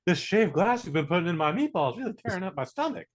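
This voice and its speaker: A grown son whining at his mother, as a man puts him on, with his voice lifted a little. The complaint bounces along with lively pitch. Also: quick pace. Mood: whiny.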